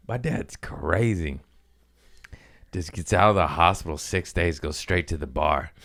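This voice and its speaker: This man's low voice carries vocal fry and moves a little slowly. Hosting his comedy podcast alone on a studio microphone, he's excitable and wired on caffeine, rambling casually, swearing, laughing often, and jumping from topic to topic.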